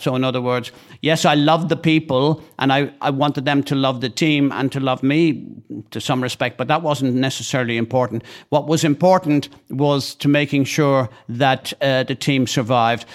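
An older man with an Irish accent, co-hosting a podcast in a rambling, animated chat. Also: medium pitch. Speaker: podcast co-host. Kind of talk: casual chat.

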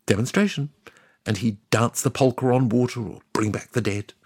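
A man's voice: medium pitch, normal speed, darkish tone, slightly rough, no echo, clean studio sound. A man plays God as a sardonic, chatty ancient deity, telling the story in a scripted comic monologue. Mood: wry.

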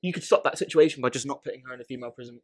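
Podcast co-host, male, mid-pitched, thinks out loud with restarts and "right?" tags. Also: racing. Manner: thinks aloud, repeats words, asks "right?". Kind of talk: casual chat.

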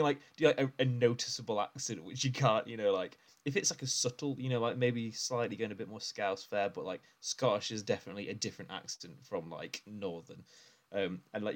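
A man co-hosting a podcast, telling stories in a rambling, casual way and laughing often as he talks. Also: lowish voice. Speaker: podcast co-host. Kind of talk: casual chat.

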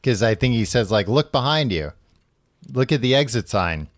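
A man's voice: mid-range voice, expressive, moderate pace, dry recording, clean studio sound. A man casually recapping a book on a podcast, rambling with lots of fillers and laughing often. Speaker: podcast host.

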